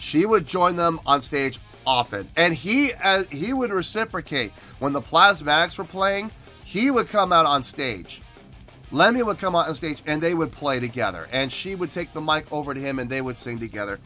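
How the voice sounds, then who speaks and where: Earnest man with a bright voice. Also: fairly high pitch, lively intonation, normal speed, soft background music. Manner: earnest, emotional, talking to camera. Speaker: music reaction host. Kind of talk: casual reaction commentary.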